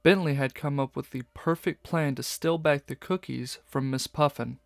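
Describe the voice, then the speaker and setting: A man narrating a children's novel audiobook in steady storytelling. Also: medium pitch, moderate pace, vocal fry, dry recording, studio quality.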